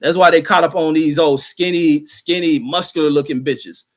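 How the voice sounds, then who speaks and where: A man's voice: a little high, normal speed. A man hosting a stream, reading viewer comments aloud and ranting bluntly in casual, heated commentary. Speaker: livestream host reading chat.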